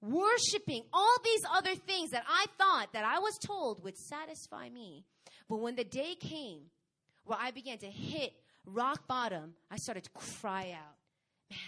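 A woman preaching a sermon, reading scripture and telling her own testimony, with emphatic bursts that drop to quiet, casual asides. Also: a little high, expressive, unhurried. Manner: casual, conversational retelling with fillers.

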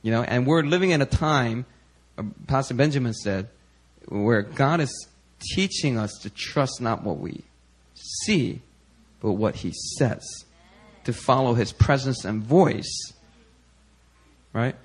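Guy pastor preaching like he's just chatting, lots of you knows, gets pretty animated. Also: mid-range voice, measured pace, slightly rough. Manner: conversational, many "you know" fillers, grows animated. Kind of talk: sermon storytelling.

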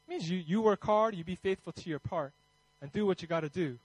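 A man's voice: high voice, brisk, breathy edge, no echo, rough recording. A man preaching a Christmas sermon in a conversational way, then leading a fervent prayer. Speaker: pastor.

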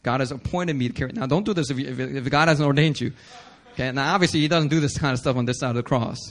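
A male pastor preaching a sermon, animated and casual, slipping into slang and acting out the characters in the passages. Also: fast talker. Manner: animated, acts out scripture voices with big pitch swings.

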